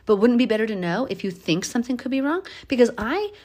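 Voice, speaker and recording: A woman's voice: fairly high pitch, quick pace. Chatty woman teaching a Bible study. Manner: chatty, laughs often, animated when stressing a point. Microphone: phone.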